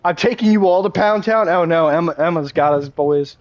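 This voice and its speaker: A young man with a somewhat high-pitched voice chats on a gaming livestream. He rambles, jokes crudely, and talks straight to his viewers, often restarting his sentences. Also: a little fast, hardly any pauses. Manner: crude, joking, chats with viewers while playing; rambling with frequent restarts and laughter. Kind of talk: casual gaming livestream chat.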